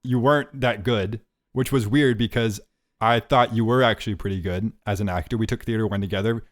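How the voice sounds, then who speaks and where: A man in his late twenties co-hosting a comedy podcast, teasing, incredulous and quick to laugh. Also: on the low side, fairly even intonation. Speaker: podcast co-host and editor. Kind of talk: casual comedic podcast chat.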